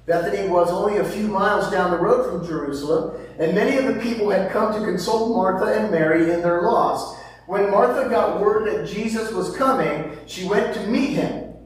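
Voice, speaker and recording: A male pastor delivers a sermon in a fairly high voice, leaning hard on key words and then dropping to near-whispers. He poses rhetorical questions as he reads scripture. He sounds distant from the microphone, in a hall with heavy, lingering echo. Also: normal speed. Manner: emphatic, swings between loud stresses and hushed asides. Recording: very echoey hall from far off.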